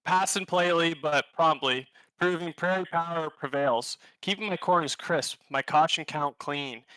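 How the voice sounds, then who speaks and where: A man's voice: on the high side, normal speed, sharp tone, smooth, no room sound, rough recording. A Canadian man giving a comic, alliterative trash-talk intro as a league racer. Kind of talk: scripted comic hype intro.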